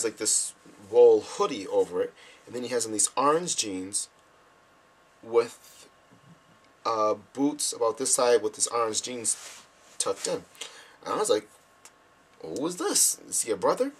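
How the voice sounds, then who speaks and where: A young man with a lowish voice recounts his travels in a casual, chatty way. He acts out his own reactions with big swings in tone. A faint hum sits behind him. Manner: animated, acts out quoted reactions. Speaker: vlogger. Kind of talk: casual storytelling to friends.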